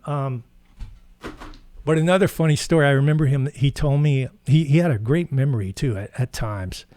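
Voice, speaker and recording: A man's voice: medium pitch, darkish tone, no echo. Dry-voiced man telling rambling stories. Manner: rambling, anecdotal, with many fillers. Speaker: guitar channel host. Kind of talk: casual storytelling.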